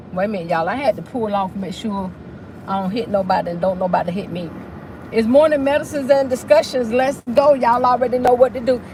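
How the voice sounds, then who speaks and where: Woman livestream host, high voice, chatty sing-song delivery, faint car noise behind. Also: poor audio. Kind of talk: casual live chat while driving.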